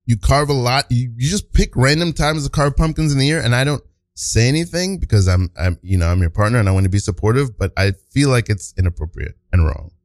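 A man's voice: medium pitch, animated, a little fast, no echo, close to an everyday voice. A man improvising a nervous shirtless husband who stammers and frets. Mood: flustered. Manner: stammering, flustered.

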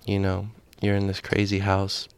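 Low, flat-voiced male radio host. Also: normal speed, smooth, no echo. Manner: earnest, agreeable, a bit rambling in questions. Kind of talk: casual radio interview.

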